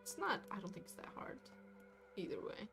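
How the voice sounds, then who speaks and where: A woman's voice: mid-range voice, big pitch swings, a little fast. A woman art streamer chatting casually while she paints, rambling with lots of fillers and hedges. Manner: rambling, hedging, many fillers and restarts. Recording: music playing behind.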